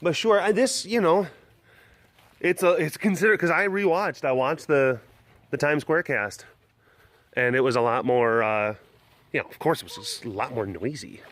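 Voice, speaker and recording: A man vlogging from an outdoor animal compound in the country, casually chatting and cooing at the cats in a high, playful voice. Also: moderate pace, a bit bright, no echo. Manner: coos at the cats in a high, playful voice and laughs often. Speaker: big cat keeper and vlogger. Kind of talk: casual vlog.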